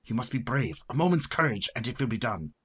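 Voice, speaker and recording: An actor playing a stern, wise professor who hunts vampires, formal and commanding, in radio drama style. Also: male voice, medium pitch, very animated, a little fast, background noise, lightly acted.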